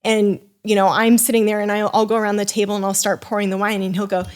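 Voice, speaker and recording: A young woman telling a personal story on a podcast as a guest, animated and rambling, with many restarts, acting out the people she quotes. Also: medium pitch, fast. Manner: acts out quoted voices in her story. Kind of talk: casual storytelling.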